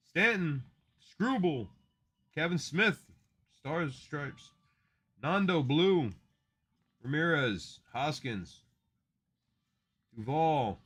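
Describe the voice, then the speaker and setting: A man's voice: a little high, expressive, extremely slow, long pauses, a bit bright, breathy edge. A man hosting a live card break stream, chatting casually and rattling off player names as he opens packs.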